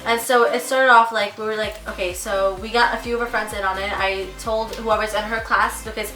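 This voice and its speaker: A woman's voice: medium pitch, steady tone, brisk, pushed and bright, echoey room, recorded from a distance, soft background music, rough recording. A teenage girl telling a story with her twin in casual vlog chat, chatty with lots of filler words. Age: teens. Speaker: vlogger.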